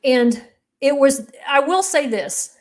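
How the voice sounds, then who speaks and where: A middle-aged woman speaks in a fairly high voice as she recounts her own story in an interview. She is candid and emotional, and she often halts and restarts mid-sentence. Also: expressive, takes it slowly. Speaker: interview guest.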